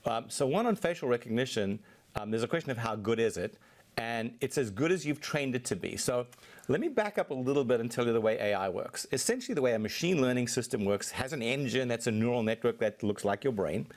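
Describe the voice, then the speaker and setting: A man being interviewed as a technology executive, explaining his points fluently and in a measured way. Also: medium pitch, animated. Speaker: Microsoft technology executive, guest. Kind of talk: interview answers.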